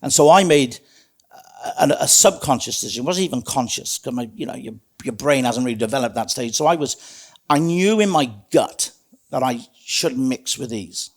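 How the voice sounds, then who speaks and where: This middle-aged South Walian talks animatedly at normal speed in a mid-range voice. He's an interview guest telling his life story, earnest and plain-spoken, addressing the host as "mate."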